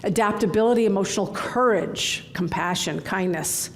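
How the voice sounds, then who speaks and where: Keynote speaker, middle-aged woman, gravelly mid-pitched voice, candid and animated storyteller. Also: moderate pace, a little hiss or hum. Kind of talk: conference keynote talk. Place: large conference hall.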